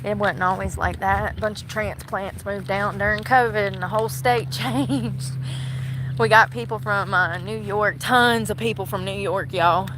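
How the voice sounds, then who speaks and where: A woman's voice: mid-range voice, fairly even intonation, normal speed. A young woman from North Carolina, rambling casually to her phone camera for a vlog. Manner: chatty, rambling, laughs often. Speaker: vlogger. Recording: outdoor noise with boat and water sounds.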